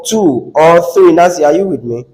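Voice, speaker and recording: A man's voice: a little high, expressive, moderate pace, a little mellow, low-quality recording. A man teaching an exam class, asking the students rhetorical questions and repeating words for emphasis. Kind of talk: classroom lecture.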